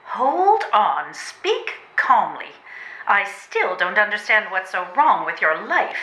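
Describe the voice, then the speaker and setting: A woman's voice: medium pitch, big pitch swings, slow, sharp tone, full character voice. A woman playing a chiding, sensible friend. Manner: chiding, reproachful questions. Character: scolding, sensible female friend. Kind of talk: readers' theatre stage comedy. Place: old train station before a live audience. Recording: roomy hall sound.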